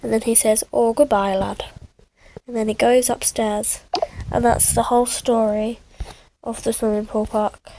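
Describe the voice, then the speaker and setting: A woman telling a game story in a chatty, sing-song way, over loud game music. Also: on the high side, little pitch movement, normal speed, background noise. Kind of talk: narrating a game playthrough story.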